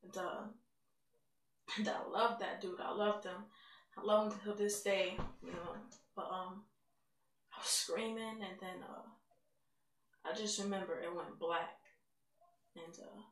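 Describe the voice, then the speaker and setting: A woman's voice: medium pitch, steady tone, unhurried, pauses often. A woman giving a candid, emotional personal testimony in a conversational way. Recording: roomy sound, mic at a distance.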